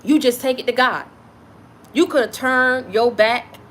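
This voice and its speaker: A woman's voice: a little high, a little slow, fairly bright tone, slight background noise. A woman delivering an impassioned spiritual message to her viewers, blunt and profane, repeating lines for emphasis. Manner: preachy, repetitive, blunt and profane. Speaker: spiritual content creator.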